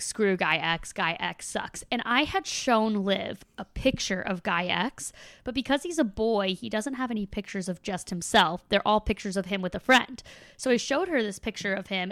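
A young woman in her twenties hosting a podcast, telling a story in a giggly, animated way. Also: medium pitch, no room sound. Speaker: podcast host. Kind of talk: casual chat.

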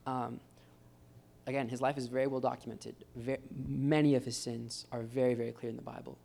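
Gravelly man preaching a casual sermon. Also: medium pitch, level tone, brisk, mellow. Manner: informal and encouraging, addresses listeners as guys. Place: church gathering with live guitar. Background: faint guitar.

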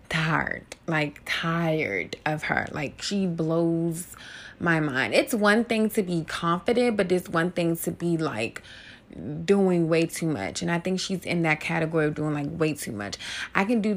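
A woman hosting a casual celebrity gossip commentary, candid and profane, often laughing, with features. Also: lowish voice. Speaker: host.

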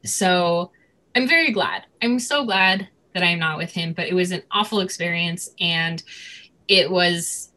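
A woman's voice: fairly low pitch, measured pace, bright, forceful tone. A woman in her thirties casually telling a personal story, rambling with many fillers as she chats with her co-host. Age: 30s.

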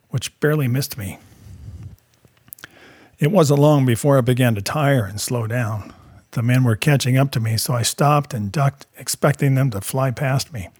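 A man's voice: medium pitch, slightly rough, no echo. Man narrating his testimony, dry sound. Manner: plain, steady storytelling. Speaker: narrator of his own life story. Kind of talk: first-person testimony narration.

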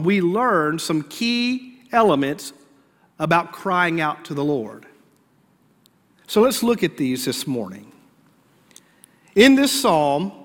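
Bright-voiced man preaching in a reverberant hall. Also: sits high. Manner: earnest preaching, swinging between raised emphasis and hushed prayerful lines. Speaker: pastor. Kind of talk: sermon.

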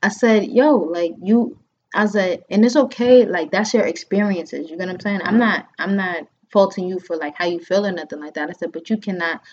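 Animated woman telling a story, lo-fi. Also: fairly low pitch, normal speed, a little hiss or hum. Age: 30s. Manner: animated, acts out quotes, frequent fillers. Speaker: podcast host. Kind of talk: casual chat, storytelling. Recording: dull lo-fi sound.

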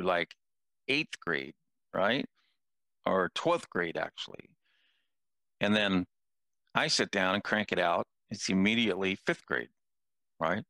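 A man's voice: deep voice, gravelly, sharp tone, dry recording. An older man in casual conversation, a self-deprecating storyteller who jokes his way through anecdotes.

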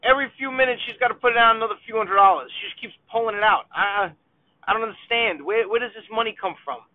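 A vlogger in his thirties rants comically at the viewer while driving, chatty and exasperated as his rambling goes on. His voice is high and quick, and the sound is tinny, phone-like and dry with no echo.

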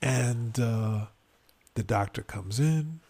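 Podcast co-host, male, gravelly voice, animated storyteller who acts out quotes. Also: slow. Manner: animated retelling, acts out quotes with sudden rises in pitch. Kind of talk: casual storytelling chat.

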